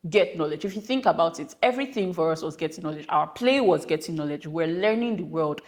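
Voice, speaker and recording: Young woman, podcast host, from Nigeria, casual rambling chat, animated storytelling. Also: sits low, fast talker. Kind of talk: casual monologue.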